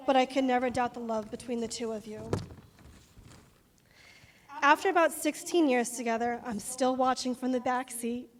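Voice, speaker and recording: A woman's voice: on the high side, steady tone, normal speed, long pauses, big-room sound. A woman, the bride's sister, giving a nervous wedding toast, laughing and stumbling over her words at a reception.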